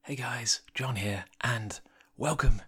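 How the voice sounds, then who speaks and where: A man hosting a podcast, delivering a whispered solo interlude in a hushed, raspy voice with many fillers. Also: medium pitch, slow pace. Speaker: podcast host. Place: editing suite, early morning.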